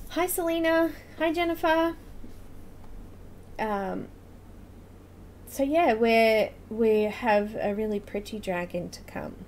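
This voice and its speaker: A woman's voice: fairly high pitch, takes it slowly, pauses often, darkish tone, slight background noise. A woman hosting a live coloring tutorial stream, chatting casually, laughing often and greeting viewers by name. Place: home room with air conditioner running.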